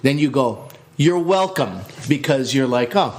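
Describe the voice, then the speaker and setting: A man co-hosting a comedy podcast, chiming in with teasing asides and quick comic commentary. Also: mid-range voice, animated, a little mellow. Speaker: podcast co-host. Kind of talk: casual comedic chat.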